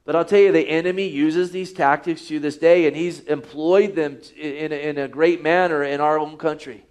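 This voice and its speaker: High-voiced man preaching a sermon. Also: fairly even intonation, moderate pace, a little mellow, clear, resonant tone. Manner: preaching with rhetorical questions, reading scripture aloud. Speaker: pastor.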